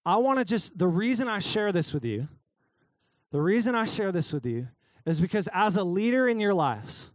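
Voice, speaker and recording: A man's voice: high voice, very animated, normal speed, no room sound, studio quality. A young adult man preaching a casual, joking youth sermon, calling out listeners by name. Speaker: youth pastor.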